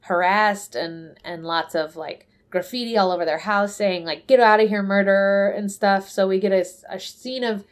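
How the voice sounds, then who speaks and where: Speaking at a normal speed with a steady tone and hardly any pauses, a woman of medium pitch chats casually on her podcast about a film. She retells the plot with energy, performs the characters' dialogue, and curses without restraint.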